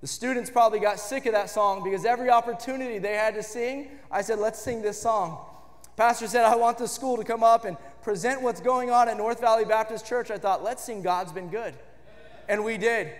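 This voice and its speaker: Man, preacher, high voice, fervent sermon, long reverb of a church hall. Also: fairly even intonation, a little fast. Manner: fervent, builds to shouts on praise lines. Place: church sanctuary.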